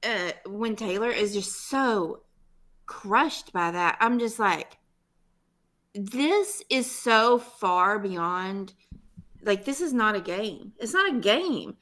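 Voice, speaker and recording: A woman's voice: mid-range voice, lively intonation, slow pace, fairly bright tone. A woman co-hosting a casual podcast chat, emotional and fired up as she talks. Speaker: podcast co-host.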